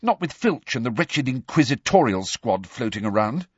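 A man voicing a clever, anxious teenage schoolgirl who organises everyone, in a husky voice. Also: mid-range voice, big pitch swings, moderate pace, no room sound, highs cut off.

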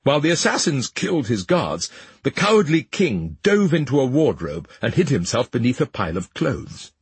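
A man reads a fairy tale aloud with expressive, dramatic timing. His voice is deeply husky and breathy, and it rises and falls animatedly. The sound is dry and close. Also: moderate pace, no room sound. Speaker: narrator. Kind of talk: storybook narration.

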